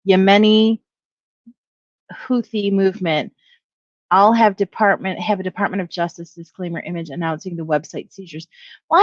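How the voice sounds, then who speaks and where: A middle-aged woman video blogger offers casual opinion commentary, rambling, correcting herself, and reading headlines aloud. Her voice is on the low side, and the recording is dry and dull.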